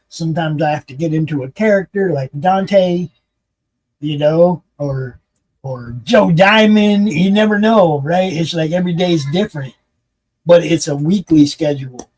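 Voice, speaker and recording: A man hosting a casual hangout chat, rambling and profane with quick laughs. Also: on the high side, a little mellow, rough recording. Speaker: host.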